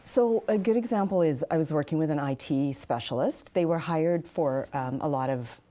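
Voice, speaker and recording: A woman who works as a speech and accent specialist, answering interview questions in a measured, practical way with frequent fillers. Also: low voice, mellow.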